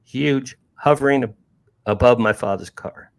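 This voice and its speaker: Unhurried and medium-pitched with vocal fry, the voice belongs to a New Jersey author in his sixties. As a guest, he tells a casual story animatedly, often backing up to restart and repeating words.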